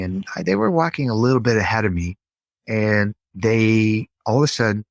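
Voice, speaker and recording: A middle-aged man, a podcast guest, telling a personal story in an earnest, halting way with frequent restarts. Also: on the low side, no echo.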